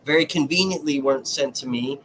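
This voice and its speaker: A man's voice: mid-range voice, brisk, a little hiss or hum. A man hosting a livestream who tells a story in casual, profane talk and acts out the dialogue as he goes. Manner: animated retelling that acts out dialogue. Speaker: livestream host and independent writer.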